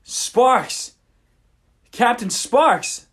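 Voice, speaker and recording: A man voicing an angry male pirate king in a bedtime story, raising his voice to a slow, emphatic shout. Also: very high-pitched, animated, pitched above the performer's own voice, heavily acted. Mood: shocked.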